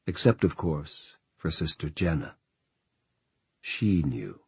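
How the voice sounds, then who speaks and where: Man, audiobook narrator, very low voice, husky, dry close recording, measured reading. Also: big pitch swings, no echo. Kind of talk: scripted narration.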